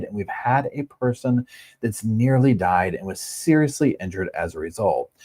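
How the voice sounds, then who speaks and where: Male live-stream host, deep husky voice, casual running commentary. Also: darkish tone. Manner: chatty, reads out viewer comments and news statements. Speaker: host of a live true-crime chat stream.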